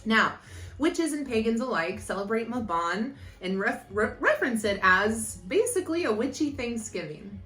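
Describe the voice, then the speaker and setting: A woman's voice: fairly high pitch, a bit bright, reverberant. A young woman hosting a casual vlog, bubbly and chatty, drifting into tangents and correcting herself. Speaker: yoga and witchcraft YouTuber.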